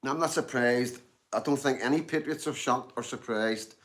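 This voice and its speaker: Reading out chat during a casual live stream in Glasgow, a man speaks at normal speed in a medium-pitched, fairly bright voice. He's chatty and rambling, repeats himself, peppers his talk with "you know what I mean," and eats and drinks tea between remarks.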